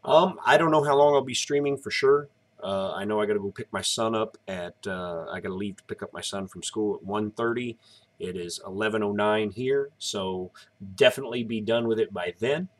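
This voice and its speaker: A man's voice: on the low side, normal speed. A tired man in his thirties chatting casually on a live stream, rambling as he explains each step. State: tired, yawning.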